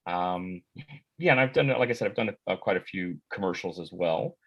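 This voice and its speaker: An American actor talks through his career in a relaxed, rambling interview. His voice sits fairly low, and he loses his thread with fillers and restarts, often breaking into a laugh. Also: brisk, vocal fry, muffled recording. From United States. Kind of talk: casual interview answers.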